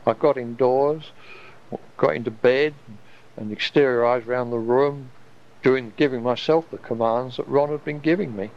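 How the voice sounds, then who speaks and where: A man's voice: medium pitch, moderate pace. A man, telling a personal story in a rambling, wondering way, often restarting his sentences. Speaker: storyteller recalling an experience. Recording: dull lo-fi recording.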